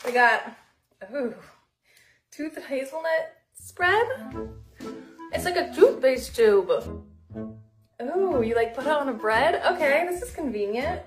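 A woman's voice: sits high, expressive, slow, pauses often, echoey room, over music. A woman casually reviewing snacks on camera, chatty and giggly, sometimes talking with her mouth full. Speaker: snack taster.

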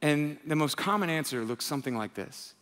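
Slightly high and expressive, this young man's voice moves a little fast as he preaches like a pastor in a conversational style. He acts out the quotes he tells and builds to near-shouting, with soft music and long hall reverb in the background.

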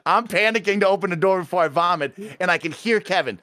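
A man on a podcast, telling a story in an animated, dramatic way. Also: sits high, fast. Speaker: podcast regular.

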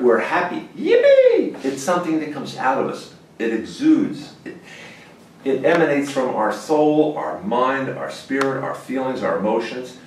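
A man giving an informal guitar lesson in a folksy, lively way, with sudden exclamations. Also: mid-range voice, slight background noise. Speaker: guitar teacher. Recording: roomy sound from a distant mic.

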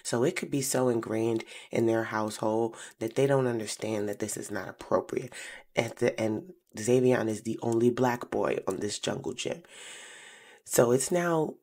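A young woman, telling a personal story on her podcast in an animated way, slowing to hushed asides. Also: extremely low pitch. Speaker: podcast host.

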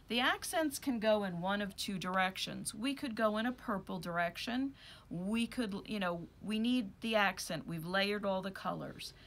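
A woman's voice: medium pitch, fairly bright tone. Chatty woman teaching a craft demonstration. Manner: chatty, thinking aloud while handling wool. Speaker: rug hooking instructor.

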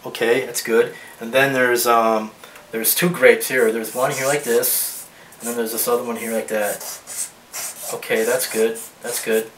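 Male art teacher, mid-pitched, rambling demo talk, distant mic, echoey room. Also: flat delivery, measured pace, fairly bright tone. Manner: thinking aloud, rambling with restarts. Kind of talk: drawing demonstration. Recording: roomy echo, mic at a distance, faint hiss.

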